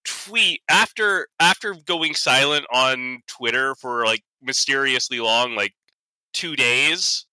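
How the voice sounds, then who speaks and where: Bright voiced guy rambling about his rpg character, dry room. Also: mid-range voice, slow pace, clear, resonant tone, no echo, rough recording. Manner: rambling, lots of fillers and laughs. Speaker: player. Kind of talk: casual tabletop game chat.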